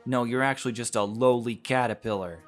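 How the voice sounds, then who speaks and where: A man reading a visual novel aloud, voicing a gentle but bold young princess made of glass who speaks calmly, frankly and kindly. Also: mid-range voice, fairly quick, soft background music, close to an everyday voice. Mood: scolding. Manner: calm, frank and kind.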